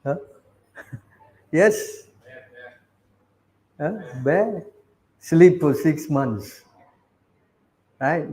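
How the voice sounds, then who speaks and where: A man's voice: fairly high pitch, lively intonation, very slow, pauses often, mellow, rough recording. A man reading scripture verses and then explaining them bluntly, checking in with his listeners with "huh?" and "you understand?". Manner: peppers talk with rhetorical questions like "huh?". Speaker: scripture class teacher.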